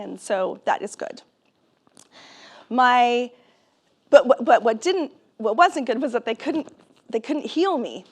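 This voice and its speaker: A woman speaker telling her personal story to a live audience in a conversational, animated way, laughing often. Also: on the high side. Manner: conversational, with many fillers and restarts. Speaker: keynote speaker and author.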